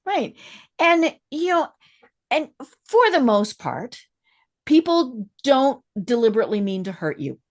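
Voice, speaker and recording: A woman hosting a podcast, talking frankly about personal experiences and listening with steady agreement. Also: sits high, a little slow. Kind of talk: casual podcast conversation.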